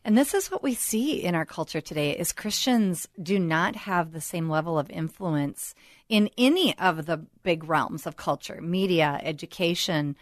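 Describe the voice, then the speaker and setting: Brief: woman co-host, engaged and responsive, lowish voice, dry close mic. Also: lively intonation, moderate pace, no echo. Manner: engaged, responsive, frequent affirming replies. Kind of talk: talk show hosting.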